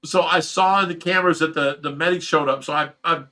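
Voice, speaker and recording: A middle-aged man recounts a hard story in a loose, rambling way, cursing often. His voice sits a little high and sounds bright and forceful. He talks casually, as if to friends. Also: fairly even intonation, a little fast, low-quality recording. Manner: emotional, rambling, swears freely. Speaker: fish rescue owner.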